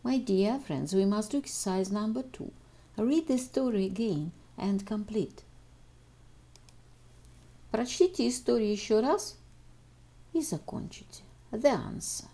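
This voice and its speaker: Woman, teacher addressing children, dark husky voice, lively pitch. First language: Russian. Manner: reads exercises aloud and addresses pupils directly. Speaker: English teacher. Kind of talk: recorded homework walkthrough for children.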